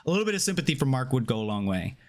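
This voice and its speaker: A man's voice: mid-range voice, racing. A man co-hosting a casual chat show, retelling a story with lots of fillers. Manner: animated retelling with filler words. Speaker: podcast co-host.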